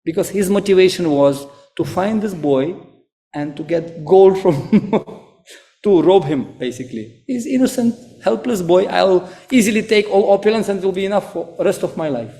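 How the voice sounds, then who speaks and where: A man with a Russian accent preaching a sermon, telling a story in animated, broken English. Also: sits high, normal speed. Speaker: monk preacher.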